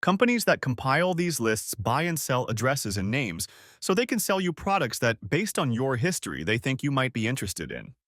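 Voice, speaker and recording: A man narrates a story audiobook in a steady storytelling manner. His mid-pitched voice moves lively up and down across phrases. The sound is dry and close, with no room echo. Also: normal speed, few pauses. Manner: reads a first-person story in an even storytelling tone.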